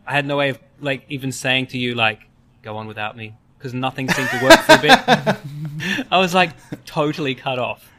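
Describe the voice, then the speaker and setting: A man's voice: mid-range voice, lively intonation, moderate pace, bright, forceful tone. A man co-hosting a podcast over an online call, joking and laughing often in casual chat. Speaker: podcast co-host.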